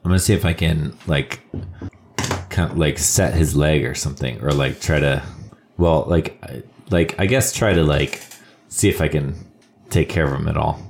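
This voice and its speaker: A man's voice: a bass voice, normal speed, a little mellow, a little hiss or hum. A man playing a tabletop game, talking hesitantly and filling his speech with "like". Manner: hesitant, many fillers. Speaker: player. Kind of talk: casual tabletop play.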